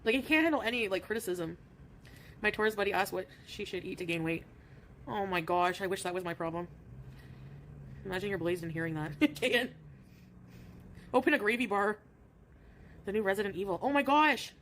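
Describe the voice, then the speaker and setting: A woman chats on a live stream, telling stories and reading comments with easy giggles. Her voice sits at a middle pitch, and faint background noise runs under it. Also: a little fast, pauses often, fairly bright tone. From Canada. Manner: chatty, giggly storyteller. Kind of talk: casual stream chat.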